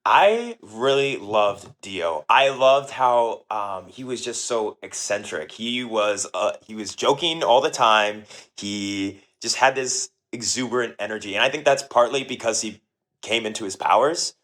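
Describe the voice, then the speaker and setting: Man, lower voice, enthusiastic casual book-club podcast co-host. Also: lively intonation, a little slow, fairly bright tone. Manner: enthusiastic, many fillers.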